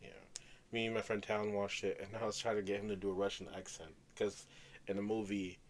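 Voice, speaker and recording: A man's voice: on the low side, little pitch movement, a little fast, a little hiss or hum. A young man co-hosting a podcast, chatting casually in a laid-back, rambling way with slang. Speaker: podcast co-host. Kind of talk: casual chat.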